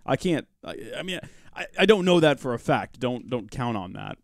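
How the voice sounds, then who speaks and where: Male livestream host, animated up-and-down delivery, playful asides to chat, close dry mic. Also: mid-range voice, normal speed, no room sound. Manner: chatty, joking asides, talks to chat and his pet rock. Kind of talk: live Minecraft modpack let's-play commentary.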